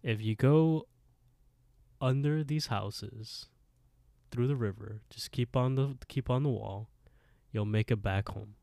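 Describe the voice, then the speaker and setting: A man doing a calm, guiding aunt. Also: medium pitch, takes it slowly, no echo.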